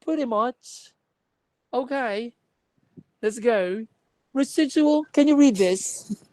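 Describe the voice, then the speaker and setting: A woman's voice: a little high, lively intonation, slow pace, mellow, no echo, rough recording. A woman lecturing a class on contact lenses, explaining with examples and checking that students follow.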